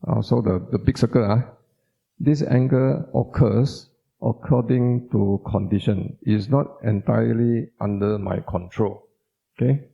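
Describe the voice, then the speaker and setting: Gravelly low-voiced man. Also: unhurried. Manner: repeats words for emphasis, asks the audience questions. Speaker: doctor giving a Buddhist talk. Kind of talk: informal teaching talk with audience questions. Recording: dull lo-fi sound.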